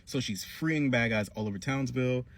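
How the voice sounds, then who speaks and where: A man giving a casual, slangy recap of a cartoon episode with animated storytelling. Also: mid-range voice, normal speed. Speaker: cartoon reviewer.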